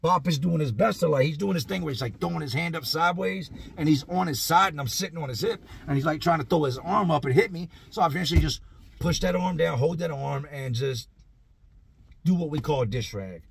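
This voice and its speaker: A man telling a profane, animated story about his own past in a casual, conversational way. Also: a little high, brisk, gravelly, a little hiss or hum. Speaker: vlogger telling prison stories.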